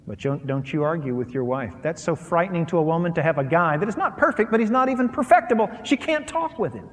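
Man preaching, pretty high voice, punchy and animated, long hall echo. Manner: emphatic preacher, animated delivery, swings between loud and soft. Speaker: pastor. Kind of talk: sermon on marriage to a live audience. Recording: long reverb of a large hall.

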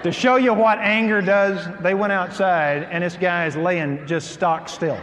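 Middle-aged guy preaching, high-ish voice, folksy funny storyteller, big hall echo. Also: measured pace, heavy background noise. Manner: animated, folksy storyteller acting out quotes. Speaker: pastor. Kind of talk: humorous sermon storytelling. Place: large hall with audience. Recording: hall reverb with faint ambience.

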